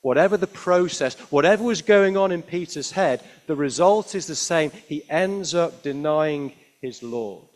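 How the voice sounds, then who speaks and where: A man preaches a sermon, telling the story expressively and peppering it with rhetorical tag questions. His high-sitting voice has lively intonation and an unhurried pace with few pauses, climbing to emphatic peaks and sinking to hushed lines.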